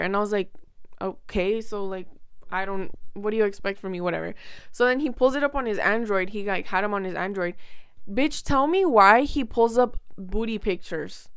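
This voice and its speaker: A young woman vlogger telling a rambling, animated story in casual chat, full of fillers and quoted back-and-forth. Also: medium pitch, a little fast, clean tone, no room sound, clean studio sound.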